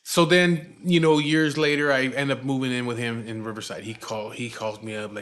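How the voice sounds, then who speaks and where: Forties guy from socal telling a story, swears a lot, "like" and "you know" all over, middle-pitched voice. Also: steady tone, a little fast, hardly any pauses, a bit bright. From Southern California. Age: 40s. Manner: laid-back and profane, with frequent fillers. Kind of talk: casual storytelling.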